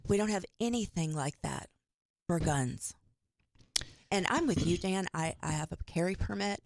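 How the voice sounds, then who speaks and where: A woman's voice: lowish voice, expressive, normal speed, a little mellow. A woman in a radio mayoral debate, speaking plainly and emphatically while agreeing with her opponent. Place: radio studio.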